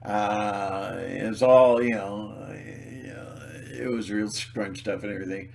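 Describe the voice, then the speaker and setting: A man's voice: fairly low pitch, takes it slowly, creaky. A man video blogging in a rambling, theatrical, joking monologue.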